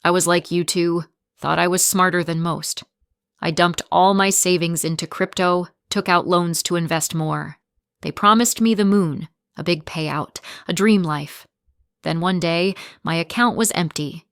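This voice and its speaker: A weary older man speaks low and heavy, full of regret, voiced by a woman narrator. The recording is dry and close. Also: measured pace, clean tone, no echo. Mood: somber.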